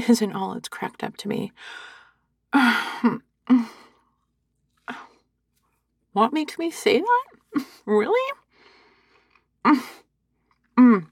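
A sheepish, hungover young woman, as a woman acts her out in a listener-directed audio role-play, slow and halting with nervous little laughs. Her voice is husky and gravelly, recorded dry and close. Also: fairly high pitch, dry recording, full character voice. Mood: gloomy. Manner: self-deprecating, halting, breathy laughs. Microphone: sensitive close microphone.

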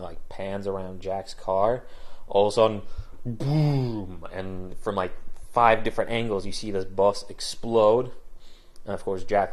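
A man casually retelling a film scene from memory, rambling with lots of fillers and restarts. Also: fairly low pitch. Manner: rambling, full of "like" and restarts, trails off quietly.

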